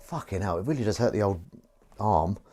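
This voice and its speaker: This livestream host is animated and brisk, his lowish voice warm as he scrubs pans at the kitchen sink. He grumbles and curses while chatting casually to viewers, over slight background noise.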